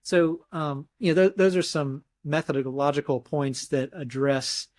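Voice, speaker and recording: A man's voice: fairly high pitch, fairly even intonation, moderate pace, a little mellow. Man explaining grammar in a talk. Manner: thoughtful, explains step by step with self-corrections; mimics emphasis with his voice in examples. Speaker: interview guest, scholar. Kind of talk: academic explanation in conversation.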